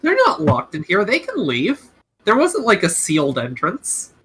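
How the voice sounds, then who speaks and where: Woman, tabletop player, bright voice, lively pitch, chatty. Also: measured pace. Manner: chatty, many likes, eager about birds. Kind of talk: casual tabletop game chat.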